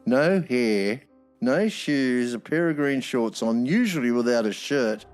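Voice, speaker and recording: A man's voice: medium pitch, lively intonation, measured pace, a little mellow, soft background music. A man, a former prison officer telling stories bluntly, swearing freely, with wry humor. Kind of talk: anecdotal storytelling.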